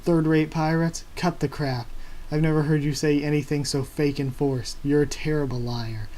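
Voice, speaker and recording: A man's voice: a little high, steady tone, normal speed, warm tone, close to an everyday voice. A man reading out the lines of a stubborn, loyal young male pirate captain, speaking them defiantly.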